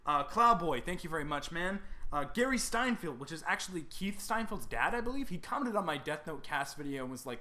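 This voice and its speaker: A young man thanking subscribers one by one in casual chat, reading names haltingly and stumbling over pronunciations. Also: a little high, sharp tone.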